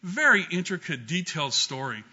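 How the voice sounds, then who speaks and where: Bright-voiced man telling a funny memorial story. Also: fairly high pitch, big pitch swings, moderate pace, husky. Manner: humorous storytelling with frequent ums and restarts. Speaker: law professor giving memorial remarks. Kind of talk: anecdotal speech at a memorial gathering. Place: law school courtroom with an audience. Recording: dull lo-fi recording.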